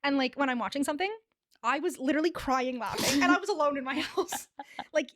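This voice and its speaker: A woman's voice: sits high, fast talker, a bit bright. A woman co-hosting a casual chat show, telling stories in a rambling, giggly way with lots of fillers. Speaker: podcast co-host.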